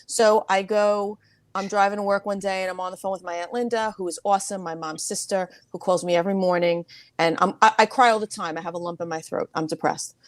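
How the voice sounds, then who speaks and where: A middle-aged woman therapist telling a personal story in a casual interview, talking fast and animatedly. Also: dry recording, clean studio sound. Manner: animated, rapid talker who mimics others in a high voice. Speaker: therapist guest.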